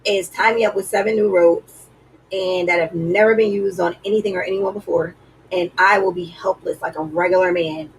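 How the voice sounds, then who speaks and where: A woman's voice: lowish voice, steady tone, normal speed, slight background noise, natural voice, rough recording. A woman voicing a strong but weary ancient warrior, speaking matter-of-factly. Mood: boastful.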